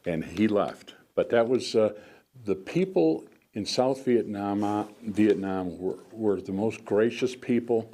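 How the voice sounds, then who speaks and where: Older man telling war stories, low voice. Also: slow pace, dark tone. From United States. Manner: rambling, frequent restarts and fillers. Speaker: guest speaker, veteran. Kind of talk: storytelling talk to an audience. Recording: faint background noise.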